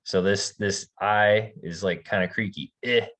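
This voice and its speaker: Slow, deep-voiced man teaching. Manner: relaxed, demonstrates sounds slowly with soft laughs. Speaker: language teacher. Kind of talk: online language lesson.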